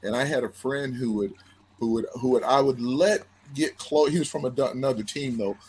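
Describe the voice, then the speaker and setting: A man, a former football player, telling a story as a podcast guest in a lively, animated way, often repeating his words as he starts a sentence. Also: mid-range voice, brisk, slight background noise. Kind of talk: casual storytelling.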